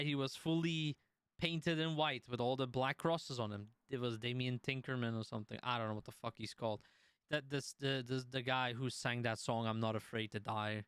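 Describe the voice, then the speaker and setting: A man's voice: medium pitch, a bit bright, smooth, no room sound, clean studio sound. A man streaming, chatting casually about his experiences, with many restarts and the odd swear word. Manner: conversational, restarts and swears while telling a story.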